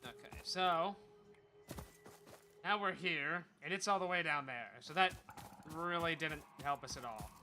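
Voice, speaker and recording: A man's voice: fairly high pitch, unhurried, pauses often, bright, forceful tone, soft background music. A man casually chatting and joking to himself while streaming a game. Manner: chatty, jokey, mutters to himself. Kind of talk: casual gameplay commentary.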